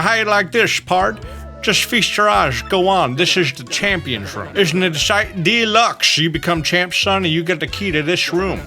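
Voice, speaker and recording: A man's voice: on the high side, sharp tone. A man voicing a folksy older male Texan fight promoter in a video game, with a drawling, slang-heavy delivery. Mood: salesy.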